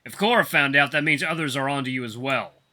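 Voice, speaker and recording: Guy putting on a growly angry wolf dude, loud and harsh, sharp tone. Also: medium pitch, fast. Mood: gruff lecturing. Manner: snarling, harsh, scolding. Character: gruff menacing male wolf butcher.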